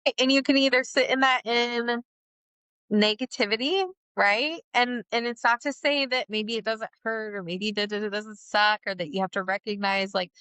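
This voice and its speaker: A woman's voice: on the high side, fairly even intonation, normal speed, sharp tone, smooth, dry recording. A woman co-hosting a podcast in casual chat, reflective and earnest, leaning on fillers as she thinks aloud. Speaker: podcast co-host.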